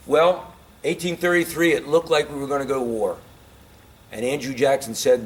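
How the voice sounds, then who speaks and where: A man's voice: medium pitch, fairly even intonation, normal speed. A man giving an informal history lecture to a live audience. He keeps quizzing listeners with questions and grows impassioned about his points.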